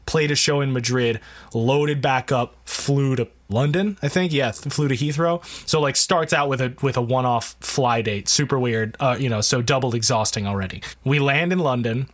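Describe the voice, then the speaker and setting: Guitarist guy rambling thru a tour story, laughs a lot, swears, normal pitch. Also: normal speed. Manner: laughing, profane anecdotes. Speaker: guitarist guest. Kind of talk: casual storytelling.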